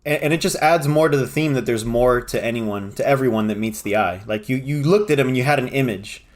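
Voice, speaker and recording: Casual male film-review co-host, animated, self-correcting, quotes scenes in voices. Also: mid-range voice, fairly quick. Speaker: podcast co-host.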